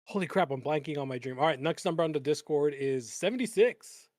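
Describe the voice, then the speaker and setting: A man's voice: a little high, fairly quick, a little mellow, dry recording. Joking man on a livestream, dry close mic. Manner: joking, laughs often, rambling asides. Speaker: co-host of live trading stream. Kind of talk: casual livestream banter.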